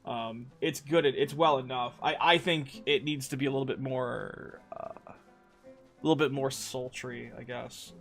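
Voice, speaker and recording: A man's voice: mid-range voice, fairly even intonation, measured pace, gravelly, soft background music. A young man streaming a game, chatting casually in a rambling, profane way with frequent restarts. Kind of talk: casual gaming stream chat.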